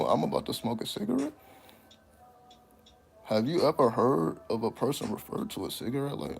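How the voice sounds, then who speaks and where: A man telling stories in a casual, profane monologue, breaking into high laughing exclamations. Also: lively intonation, moderate pace, gravelly, darkish tone. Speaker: channel host.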